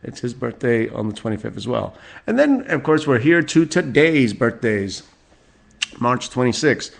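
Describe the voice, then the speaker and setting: A man's voice: mid-range voice, very animated, unhurried, gravelly. A man in his forties hosting a solo podcast, reading out celebrity birthdays with rambling, profane asides and chuckles. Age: 40s. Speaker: podcast host.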